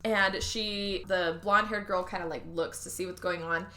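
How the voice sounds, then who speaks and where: A woman hosting a podcast, recapping a movie in casual chat, animated and swearing, acting out the characters' lines. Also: mid-range voice, moderate pace. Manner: animated, swearing, acts out quotes. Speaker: podcast host.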